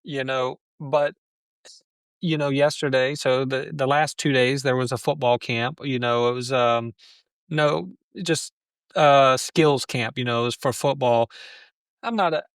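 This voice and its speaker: A man's voice: mid-range voice, fairly even intonation, measured pace, clear, resonant tone, no echo. A man who is a guest on a podcast, reflecting on his parenting and telling stories about his son. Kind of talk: conversational interview.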